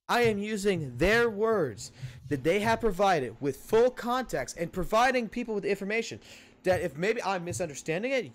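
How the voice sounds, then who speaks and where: A man hosting a livestream, ranting heatedly and cursing often, repeating points for emphasis as he talks to viewers on a home mic. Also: sits high. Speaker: livestream host. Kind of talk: livestream commentary rant.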